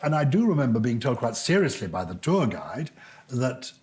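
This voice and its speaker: An older man trading witty banter as a podcast co-host. His pitch leaps around animatedly as he spins his stories. The talk is jovial and a little theatrical, in front of a live audience. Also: sing-song, normal speed, a little mellow.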